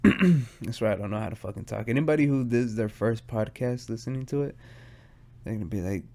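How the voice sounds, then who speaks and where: Stoned, gravelly man rambling on his podcast. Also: mid-range voice, brisk, darkish tone. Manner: rambling, profane and self-mocking. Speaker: podcast host. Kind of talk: casual solo podcast monologue.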